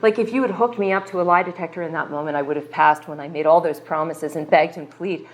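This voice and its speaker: Woman, 30s, US, low-ish voice, earnest confessional testimony at a recovery meeting, emphatic with casual asides. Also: quick pace, hardly any pauses.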